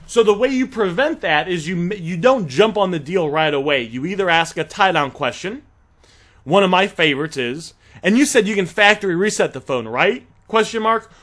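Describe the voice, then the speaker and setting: A man's voice: high voice, lively intonation, normal speed, a bit bright. A man casually walking viewers through how he negotiates deals, acting out the text messages as he reads them. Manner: talks straight to viewers, acts out text exchanges. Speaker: online reselling coach. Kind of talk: casual instructional walkthrough.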